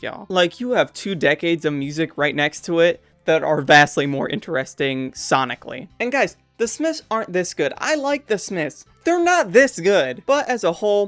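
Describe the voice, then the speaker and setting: A man's voice: on the high side, a bit bright, smooth, no room sound. A young man giving casual, blunt movie review commentary with a sarcastic edge.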